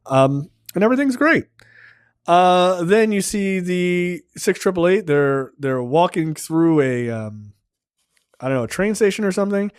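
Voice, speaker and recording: A man's voice: high voice, a little slow, clean tone, no room sound, clean studio sound. A man hosting a film review podcast, retelling scenes casually with lots of swearing. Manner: profane, animated scene-by-scene retelling. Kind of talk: casual chat.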